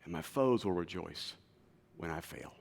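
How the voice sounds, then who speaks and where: A man preaching a sermon as pastor, swinging from loud, urgent lines to quiet, low ones. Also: lively intonation, a little slow, vocal fry. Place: church auditorium. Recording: long hall reverb.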